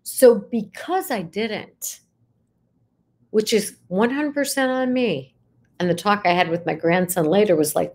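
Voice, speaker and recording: Talking reflectively to her audience on camera, a middle-aged psychologist keeps a conversational tone, frequently asking "right?" and pitching up sharply to stress points. She speaks unhurriedly at a medium pitch.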